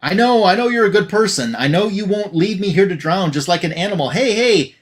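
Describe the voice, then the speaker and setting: A man's voice: lively intonation, fairly quick. A man doing a frantic, squealing severed head. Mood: begging. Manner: pleading, frantic, high-pitched.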